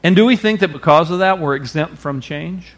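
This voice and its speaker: Expressive male preacher. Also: on the high side, a little fast. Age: adult parent. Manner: expressive preacher, acts out quoted voices loudly. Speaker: pastor. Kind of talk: sermon.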